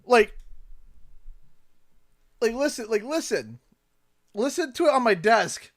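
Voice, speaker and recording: A man's voice: very high voice, sing-song, slow pace. A man in his thirties from Canada, chatting casually on a gaming livestream, rambling with lots of fillers and frequent laughs. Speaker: gaming streamer.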